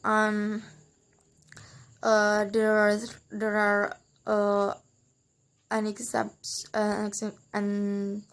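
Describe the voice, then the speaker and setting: Halting young woman explaining stress. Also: mid-range voice. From Indonesia. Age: young adult. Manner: hesitant, many fillers and restarts, repeats example words slowly. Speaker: student presenter. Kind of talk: explaining English word stress rules.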